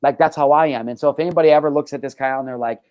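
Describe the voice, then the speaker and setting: A man's voice: medium pitch, very fast, a little mellow, smooth, dry recording. A man hosting a casual podcast, talking in a brash, boastful and profane way. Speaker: podcast host.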